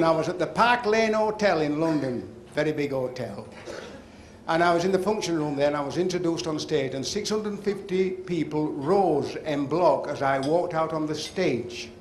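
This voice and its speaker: A male comedian doing live stand-up, loud and chummy as he teases the audience. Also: on the high side, animated, normal speed, a little hiss or hum. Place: comedy club stage. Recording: echoey live club, loud crowd laughter.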